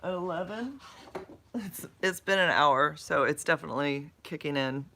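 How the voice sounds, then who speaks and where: A drowsy woman with a bright voice chats loosely on a live stream from her bed. She rambles, trips over words and greets viewers as she reads their comments. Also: low-pitched, normal speed, a little hiss or hum. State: drowsy and dopey from medication. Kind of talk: casual live-stream chat, reading comments. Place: in bed at home.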